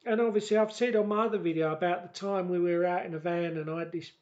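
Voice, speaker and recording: A man vlogging a casual, reminiscing monologue who talks haltingly and often repeats words and restarts. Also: high-pitched, fairly even intonation, highs cut off.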